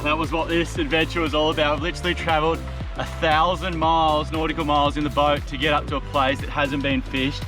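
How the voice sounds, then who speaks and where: Excitable man outdoors. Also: on the high side, fast. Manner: excitable, exclaims loudly. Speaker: fishing adventure vlogger. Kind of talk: casual outdoor commentary. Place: outdoors on a mangrove beach. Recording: background music over outdoor audio.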